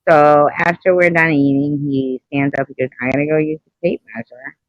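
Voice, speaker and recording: A woman's voice: low-pitched, fairly even intonation, normal speed, no room sound, dull audio. A middle-aged woman hosting a casual live stream, blunt and teasing, telling stories and laughing often.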